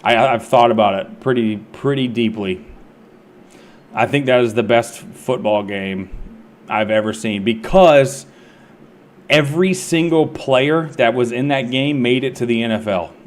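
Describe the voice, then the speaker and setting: A man's voice: mid-range voice, a little slow. A man streaming a game and chatting casually, rambling and swearing freely. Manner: rambling, profane, laid-back. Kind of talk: casual chat while gaming.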